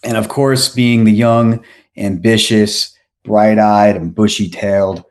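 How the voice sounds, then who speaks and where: A man's voice: on the low side, steady tone, slow. A man, telling a story on a podcast as the guest, rambling with many restarts and fillers. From New York. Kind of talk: casual storytelling.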